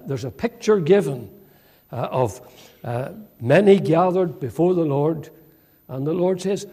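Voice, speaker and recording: A man preaching an expository sermon in a measured way, acting out quoted speech with many "uh" fillers. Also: on the high side, warm tone. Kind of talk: sermon, expository Bible teaching.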